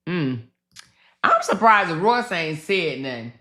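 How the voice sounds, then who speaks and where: A woman hosting a casual livestream speaks slowly, with a bright, clear tone. She chats directly to her viewers and swears freely as she reacts to posts. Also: lowish voice, sing-song. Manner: slow, chatty, swearing, talks to viewers. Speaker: livestream commentary host.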